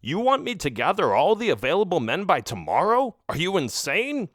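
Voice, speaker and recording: A man's voice: sits high, wildly swooping pitch, moderate pace, fairly bright tone, no room sound, clean studio sound, pitched above the performer's own voice, full character voice. A man voicing a skeptical, nervous male village mayor in a children's audiobook. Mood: anxious. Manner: doubtful, anxious questioning.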